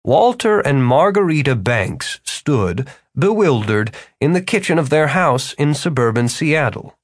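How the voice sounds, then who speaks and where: Expressive male audiobook narrator. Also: medium pitch, a little slow, no echo, studio quality. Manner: expressive storytelling. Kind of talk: scripted narration.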